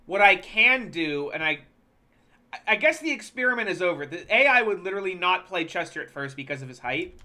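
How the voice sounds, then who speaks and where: Lively, bright-voiced game streamer. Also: mid-range voice. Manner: profane, quick to loud exasperated outbursts. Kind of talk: casual gameplay commentary.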